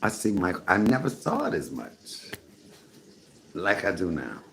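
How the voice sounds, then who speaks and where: Man, fifties, very deep, gravelly, lively swinging delivery, casual vlog chat, faint background noise. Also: a little slow. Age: 50s. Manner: animated, repeats "come on, somebody". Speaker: vlogger. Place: home apartment, indoors, cooking. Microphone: camera mic.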